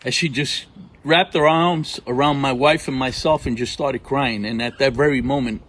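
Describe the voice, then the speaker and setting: A man's voice: mid-range voice, normal speed, slight background noise, rough recording. Man telling faith stories outdoors. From Puerto Rico. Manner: animated storyteller, acts out quotes. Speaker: ministry partner. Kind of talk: testimony talk. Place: outdoors at home.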